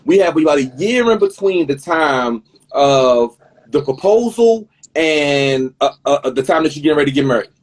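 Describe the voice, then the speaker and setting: Man, interview host, slightly high husky voice, talkative, repeats himself, video call audio. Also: animated, moderate pace. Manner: talkative, repeats words while rephrasing questions. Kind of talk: live online interview.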